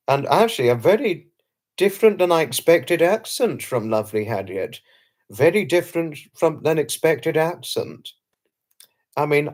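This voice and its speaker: A man hosting a casual live stream, reading out viewer comments and answering them in a chatty, polite way, repeating his thanks and greetings. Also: mid-range voice. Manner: chatty, repeats phrases, lots of thanks and hellos to viewers, chuckles often; polite, slightly formal wording with restarts. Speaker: livestream host.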